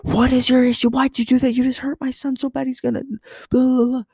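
A man voicing an angry mother scolding a kid, shrill and accusing. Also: level tone, fast talker, creaky, mellow, slightly rough, no room sound, studio quality, full character voice. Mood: outraged.

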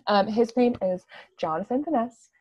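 A woman's voice: fairly high pitch, animated, moderate pace, darkish tone, lo-fi sound, slight background noise. A woman chatting casually and gushing enthusiastically, with lots of "like" fillers. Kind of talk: casual chat.

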